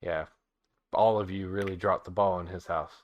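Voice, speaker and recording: A man voicing an irritated, scornful captive young woman in a low, flat mutter. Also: moderate pace, muffled recording, natural voice.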